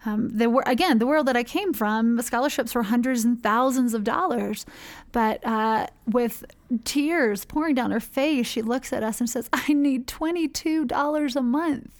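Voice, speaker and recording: A woman with a slightly high voice tells how she founded her charity, in a casual interview. She talks in a chatty, rambling way, full of fillers and restarts. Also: normal speed. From United States.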